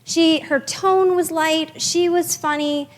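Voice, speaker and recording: A woman's voice: extremely high pitch, fairly even intonation, slow, in a large hall. A woman social worker giving a chatty, upbeat presentation to parents, with many fillers and restarts.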